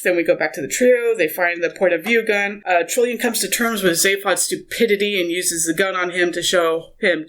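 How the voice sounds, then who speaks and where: Woman briskly recapping a film plot. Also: medium pitch, a bit bright. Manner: quick running summary with loose asides. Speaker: podcast host.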